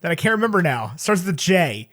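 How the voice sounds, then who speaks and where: A man's voice: sits high, very animated, fast, fairly bright tone. A man co-hosting a podcast, chatting casually with wry, dry humor and eager corrections. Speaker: podcast co-host. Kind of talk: casual chat.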